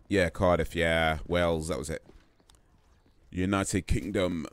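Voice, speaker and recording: A man's voice: low voice, a little fast, no echo. A tired man streaming a game, chatting casually and answering viewer comments as he plays. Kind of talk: casual live-stream chat while gaming. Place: home gaming setup in the UK.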